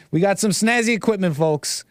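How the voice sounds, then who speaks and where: This livestream host has a high male voice, a moderate pace, and a dry, clean studio sound. He reacts to videos with rambling, repetitive commentary full of mocking asides.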